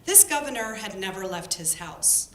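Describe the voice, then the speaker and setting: Animated woman storyteller in echoey room. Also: normal speed. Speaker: public health worker telling a story. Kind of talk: storytelling talk to an audience. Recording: echoey room with faint rumble.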